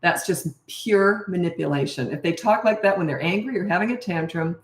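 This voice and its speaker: A woman's voice: on the low side, brisk. A woman in her sixties, a parenting coach, answering viewer questions in a blunt, emphatic and opinionated way. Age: 60s. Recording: echoey room.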